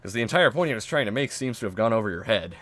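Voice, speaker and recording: Low-voiced man streaming, crude and dismissive. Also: animated, racing, a bit bright. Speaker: streamer host. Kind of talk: casual reaction commentary.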